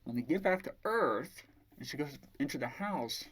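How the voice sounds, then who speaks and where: A man's voice: mid-range voice, lively intonation, moderate pace, fairly bright tone, husky. A man casually retelling a novel's plot as a book reviewer, rambling and swearing freely.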